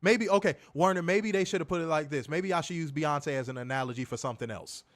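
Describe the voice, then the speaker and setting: A man's voice: on the high side, quick pace. A man co-hosting a wrestling review show, reading comments and ranting casually with plenty of profanity. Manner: animated, profane, laughing rants.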